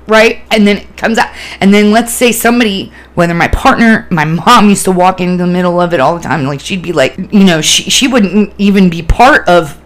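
A woman's voice: on the low side, brisk. A woman hosting a casual solo podcast, talking candidly and with plenty of swearing, rambling through fillers and restarts. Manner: candid, profane, animated storytelling. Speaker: podcast host.

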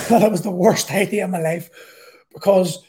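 A man's voice: sits high, steady tone, normal speed, a little mellow. A middle-aged man with a Belfast accent, telling a personal story in a blunt, sweary, rambling way. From Northern Ireland.

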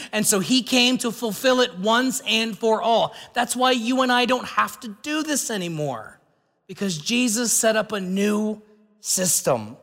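High-voiced, bright preacher in a hall. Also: male voice. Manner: conversational, earnest preaching with rhetorical questions. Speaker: pastor. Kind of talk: sermon.

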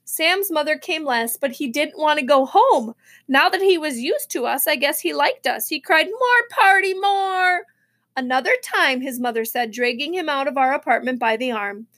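A woman's voice: high voice, normal speed, a bit bright. Woman reading a children's novel aloud. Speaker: reader.

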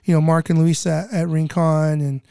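A man's voice: on the high side, fairly quick, gravelly, clean tone, dry recording, studio quality. A middle-aged man telling stories casually as a guest, rambling with lots of filler words and restarts, sometimes swearing. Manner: animated, swearing. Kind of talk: casual storytelling.

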